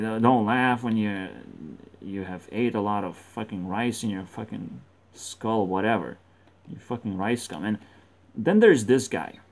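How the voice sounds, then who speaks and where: A man's voice: fairly low pitch, darkish tone. A man rambling through gameplay commentary, swearing constantly and joking as he goes. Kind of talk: rambling let's-play commentary.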